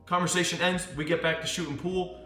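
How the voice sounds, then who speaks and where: A man's voice: sits high, a little fast. A man coaching on dating in a casual monologue, telling stories with swearing and acting out what people said. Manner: animated storyteller who swears and acts out quotes. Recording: echoey room with faint music.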